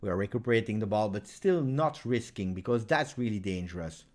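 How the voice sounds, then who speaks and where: A man with an Italian accent hosting a live football reaction stream, excitable, chatting with viewers and bursting into loud cheers. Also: on the low side, brisk. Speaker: live match reaction host.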